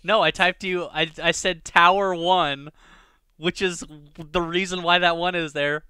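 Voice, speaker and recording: Smooth, bright male podcast host, dry sound. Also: sits high, fairly even intonation, unhurried, dry recording. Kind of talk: casual podcast chat.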